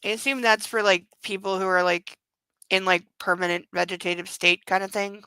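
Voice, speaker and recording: Woman reading a book out loud + snarky side comments, kinda hushed at times, dead dry mic. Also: medium pitch, fairly even intonation, moderate pace, smooth, no room sound, poor audio. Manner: wry and irreverent, drops to a hushed whisper for some narration. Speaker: book club podcast host. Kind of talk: reading a novel aloud with sarcastic commentary.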